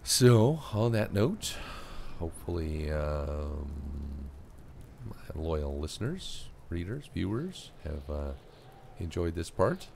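A man playing through a game, reading its dialogue aloud, his voice tired and hoarse. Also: a bass voice, sing-song, takes it slowly, darkish tone, a little hiss or hum. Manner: voices all characters, plain reading for narration. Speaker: game streamer.

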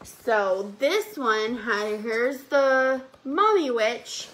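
A preschool teacher reading a picture book aloud to young children, animated and coaxing them to count along. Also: female voice, on the high side, drawn-out words, hardly any pauses, slight background noise.

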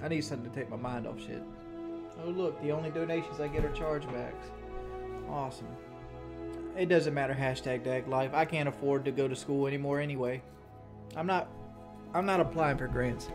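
With music in the background, a man with a mid-range voice talks casually on a live stream, answering chat a little fast and pausing often. He vents his frustration, swears a lot, and often restarts his sentences.

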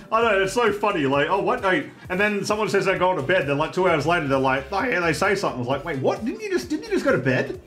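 A man hosts a casual stream chat in an animated way. His voice sits a bit high and swings widely. He swears freely and laughs a lot, with faint music behind. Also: fast talker, few pauses. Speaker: streamer and podcast host.

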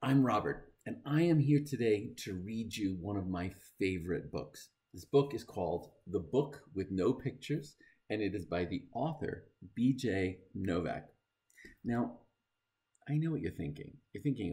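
Playful, animated man reading to kids. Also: on the low side, unhurried. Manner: playful, mock-dismayed, bursts of silly sounds. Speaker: reader of a children's book. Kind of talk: animated read-aloud for kids.

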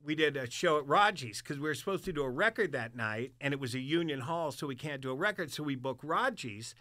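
Bright-voiced older man telling a story. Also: fairly high pitch, fairly quick. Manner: animated, swears a lot, acts out quotes. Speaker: guest musician. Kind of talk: casual storytelling.

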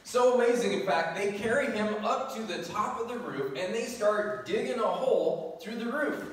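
A male pastor preaching a sermon, reading scripture aloud and telling the story with lively, animated asides and laughs. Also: high voice, moderate pace. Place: church sanctuary. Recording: echoey church hall from far off.

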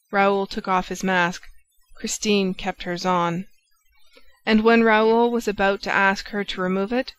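A woman reads a classic novel aloud in steady, measured narration. Her voice sits at an ordinary middle pitch for a woman. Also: low-quality recording. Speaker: audiobook narrator.

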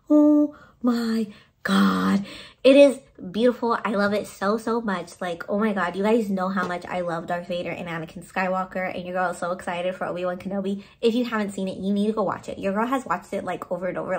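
Gushing, husky-voiced woman vlogger. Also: medium pitch. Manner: gushing and excitable, with frequent laughs. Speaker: vlogger showing a birthday haul. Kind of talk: casual chat to camera. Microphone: phone camera.

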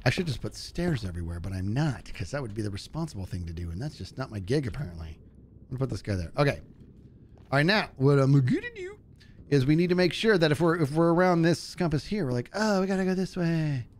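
A man streaming a game, telling a story in a casual way and acting out the people in it with a higher voice, laughing often. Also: fast talker, a little hiss or hum. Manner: animated, acts out quotes in a higher voice, laughs often. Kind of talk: casual storytelling while gaming.

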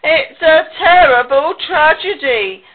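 A woman's voice: on the high side, very animated, slow, exaggerated voice. A woman voicing a fussy, proud male pig who wails melodramatically, on a tinny recording. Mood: woeful. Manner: wailing, melodramatic.

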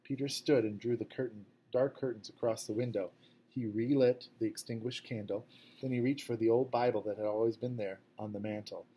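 A man reading a novel aloud at a measured, fairly quiet pace. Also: mid-range voice, steady tone, breathy edge. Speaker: audiobook narrator. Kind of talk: scripted narration.

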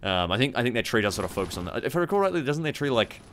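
A man's voice: mid-range voice, sing-song, very fast, fairly bright tone, a little hiss or hum. A young man hosting a strategy game playthrough, rambling and swearing with mocking asides. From Australia. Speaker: gaming channel host. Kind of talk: casual strategy game commentary.

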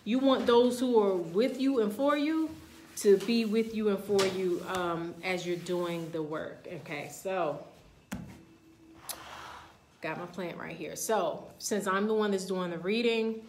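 A woman's voice: mid-range voice, slow. Woman, spiritual reader, casual and chatty, speaking to viewers, roomy echo, faint background hiss. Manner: informal, chatty, addresses viewers directly. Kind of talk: live-streamed spiritual talk and ritual. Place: indoor room. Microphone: camera. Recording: echoey room, faint background noise.

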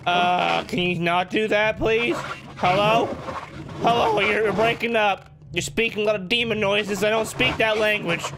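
A man's voice: sits high, steady tone, measured pace. A man commenting on a horror game he is playing, rambling jittery self-talk. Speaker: let's play gamer. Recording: game music behind.

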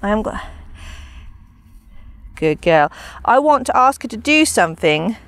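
A woman's voice: fairly high pitch, very animated, a little slow, fairly bright tone, dry recording. A woman dog trainer giving a chatty, casual training demonstration, talking to her dogs between explanations.

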